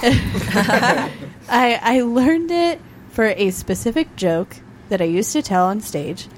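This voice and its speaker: A woman's voice: a little high, lively intonation, slow, slight background noise. A woman comedian chatting as a guest, laughing and self-deprecating. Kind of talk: casual group chat.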